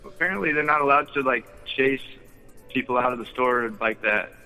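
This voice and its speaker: A man's voice: mid-range voice, normal speed, pushed and bright, long reverb tail, faint music behind, rough recording. A man who is a musician guest on a casual interview show, speaking hesitantly with many fillers. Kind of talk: casual chat.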